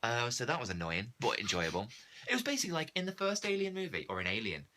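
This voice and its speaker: A man's voice: medium pitch, huge pitch swings, fast talker, pushed and bright. A man, co-hosting a casual film review chat, sarcastic, acting out quoted characters. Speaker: podcast co-host.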